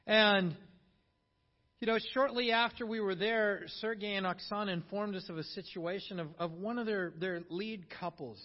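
A man preaching a sermon, telling a story in a hushed low voice, then rising loud for emphasis. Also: moderate pace. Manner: storytelling, drops soft and low for quotes, rises loud for emphasis. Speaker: pastor. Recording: dull lo-fi sermon recording.

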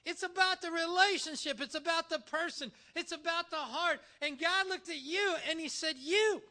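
High, bright-voiced man preaching emphatically. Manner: animated, emphatic preaching with dramatic pauses. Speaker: pastor. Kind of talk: sermon.

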